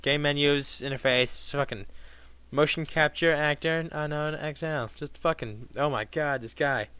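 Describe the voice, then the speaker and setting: A man commentating on his own gameplay, swearing a lot and making sarcastic, excitable remarks. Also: a little high, measured pace, smooth, no room sound. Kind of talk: profane let's-play commentary.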